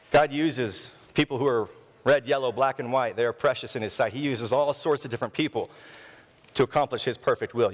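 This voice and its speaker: A male pastor preaching a sermon, telling stories in an animated way. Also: mid-range voice. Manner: storytelling, animated. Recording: long hall reverb.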